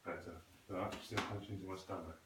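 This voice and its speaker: A man coaching a student through krav maga drills in a patient, corrective way, often asking questions to make the student think. His voice sits a little low. The sound is captured from some distance, with heavy echo off the walls of the hall. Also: steady tone, fast, heavy background noise. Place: training hall. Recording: echoey room, voice from a distance.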